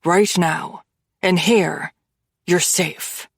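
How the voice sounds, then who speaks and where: A woman voicing a cold, dangerous mafia man who speaks calmly and conversationally, with quiet menace in an audiobook. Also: lowish voice, drawn-out words, creaky, breathy edge, no echo, studio quality, pitched below the performer's own voice, exaggerated voice. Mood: menacing calm. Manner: calm, conversational, quietly threatening.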